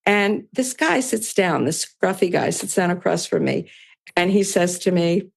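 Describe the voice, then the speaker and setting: Older woman, podcast guest, fry in the voice, chatty storytelling, plays out both sides of dialogue. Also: fairly low pitch, measured pace. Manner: lively retelling, voicing both sides of past dialogue with small laughs. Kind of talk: storytelling in casual conversation.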